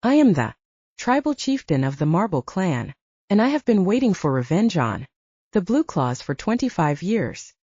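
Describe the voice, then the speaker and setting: Booming vengeful minotaur chief, voiced by a woman, dark tone, dull lo-fi audio. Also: big pitch swings, normal speed, slightly rough, no echo, full character voice. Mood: menacing. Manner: booming, menacing.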